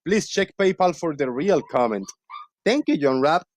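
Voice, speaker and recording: A man hosting a livestream, chatting casually and reading out donation shout-outs with thanks. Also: fairly high pitch, expressive, normal speed, dry recording. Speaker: stream host.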